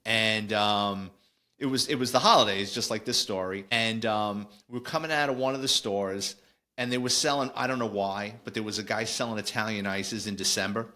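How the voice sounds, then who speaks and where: A middle-aged man, telling a casual, animated story on a podcast with lots of digressions. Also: lowish voice, normal speed. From New York. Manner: animated, digressive, acts out quoted voices. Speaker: podcast host, former police officer.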